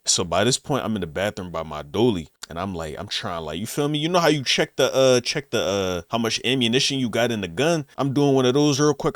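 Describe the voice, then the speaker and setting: A man's voice: medium pitch, a little fast, hardly any pauses, no room sound, studio quality. A young man casually telling a story in slang, acting out the lines of the people he quotes. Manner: slangy, animated retelling with quoted dialogue. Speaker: vlogger.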